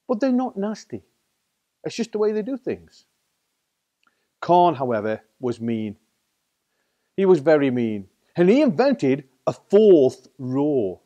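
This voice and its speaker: Here a Staffordshire-accented Englishman spins a children's tale with playful theatricality, his voice a little high, warm and very animated. He goes slowly with frequent pauses, and the recording sounds muffled.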